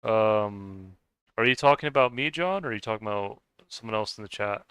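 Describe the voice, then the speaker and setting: Game streamer, male, Scottish-sounding accent, bright crisp voice, dry close sound. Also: lowish voice, lively intonation, a little fast, dry recording. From United States. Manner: rambling, answers chat questions. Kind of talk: casual livestream chat.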